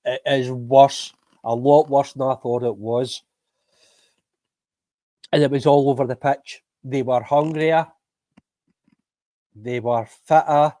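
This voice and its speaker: A man's voice: mid-range voice, mellow, no room sound. A Scottish man hosting a football fan podcast live stream, ranting angrily with lots of swearing and bitter laughs.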